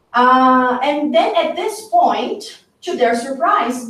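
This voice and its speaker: A woman giving a workshop talk, retelling a story from a book in an unhurried, conversational way with fillers and self-corrections. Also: sits high. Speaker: workshop speaker. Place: meeting hall. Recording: echoey hall, distant mic.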